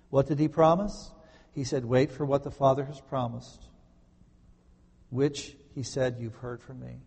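A man delivers a sermon in a slightly raised, gravelly voice with a husky edge. His tone is warm and mellow. The words ring out in a long echo that fills the church around him. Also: fairly high pitch. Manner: earnest preaching, slows down to stress key words. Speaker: pastor. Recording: long hall reverb.

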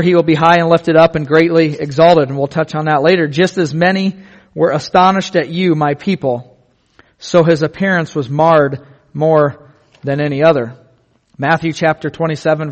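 A man preaching a sermon in an earnest, vivid way, slowing down on key words. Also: fairly high pitch. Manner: earnest, vivid, slows down for emphasis.

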